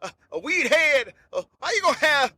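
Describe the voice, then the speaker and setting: A man's voice: very high voice, big pitch swings, moderate pace, sharp tone. A man hosting a comedy podcast alone, riffing in a rambling, repetitive, slangy monologue. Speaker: podcast host.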